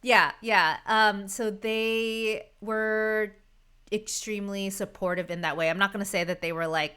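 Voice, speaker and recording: A woman's voice: mid-range voice, fairly even intonation, measured pace, pushed and bright, clear, resonant tone. A woman in her thirties, a podcast guest, talking casually and getting emotional, laughing often between her words. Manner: chatty with many fillers. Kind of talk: casual conversation.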